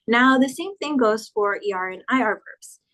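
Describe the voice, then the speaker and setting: A woman teaching a Spanish grammar lesson, patiently spelling out verb endings and slowing down for each example. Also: fairly high pitch, expressive, fairly bright tone, low-quality recording.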